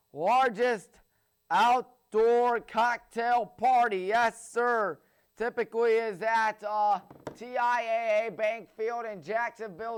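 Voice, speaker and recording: A man's voice: sits high, fairly bright tone, smooth. A young man hosting a sports talk show, reeling off game picks with jokey, opinionated asides. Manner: jokey, opinionated, rapid-fire predictions. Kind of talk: solo sports picks commentary.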